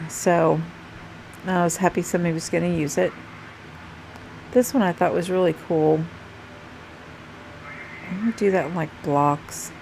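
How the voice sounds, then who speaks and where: Sleepy-sounding woman with a gravelly voice. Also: lowish voice, a little mellow, slight background noise, poor audio. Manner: chatty, rambling, self-correcting. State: sleepy, yawning. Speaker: nail art vlogger. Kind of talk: casual chat to camera. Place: home craft room.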